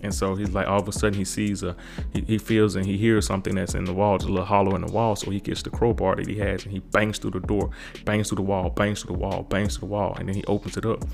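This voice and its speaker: A man's voice: deep voice, flat delivery, quick pace, creaky, a little mellow. A man recapping a TV episode in a casual, rambling way, repeating himself and saying kinda a lot.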